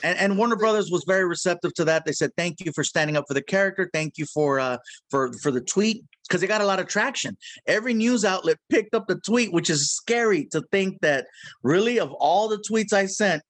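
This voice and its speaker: A man with a high voice and a dry, close sound tells animated, jokey stories as a guest in an interview. He laughs at his own punchlines and keeps slipping into character voices. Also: a little fast, no room sound. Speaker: guest voice actor. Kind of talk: casual interview.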